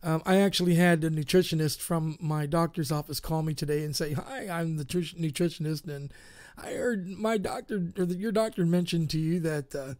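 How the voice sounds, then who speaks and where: A man's voice: a little high, fairly quick, a little mellow. A man hosting a live internet radio show, chatting casually and rambling with lots of fillers and self-mocking asides.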